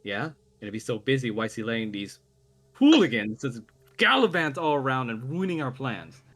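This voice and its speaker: A man voicing an impatient, sharp-tongued old witch woman who talks in a sneering, dismissive way. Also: lowish voice, animated, measured pace, breathy edge. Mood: scornful.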